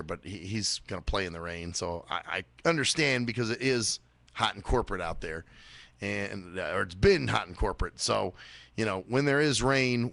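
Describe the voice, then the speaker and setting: A man's voice: fairly bright tone, no echo. A man hosting a small radio show, rambling and swearing a lot in a casual monologue. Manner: rambling, swears a lot, mimics others in high voices.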